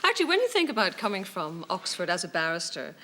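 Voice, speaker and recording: A woman hosting a television chat show, asking her guest questions in a bright, friendly way. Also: on the low side, very animated, quick pace. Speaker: talk show host. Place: television studio.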